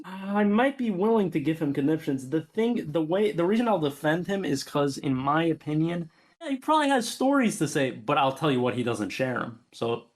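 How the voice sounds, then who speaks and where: A young man with a slightly high voice bantering loosely with a friend. His talk is animated and jokey, and he often leaps into a higher pitch to clown around. It is relaxed, unscripted chat. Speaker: co-host ranking game characters. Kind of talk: casual banter.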